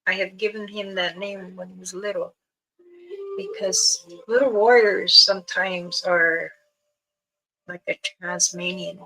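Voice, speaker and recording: An older woman, an elder and spiritual guide, telling a rambling story on her livestream, with many pauses and restarts. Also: fairly low pitch, lively intonation, gravelly, sharp tone, rough recording. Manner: meandering, with many fillers and restarts.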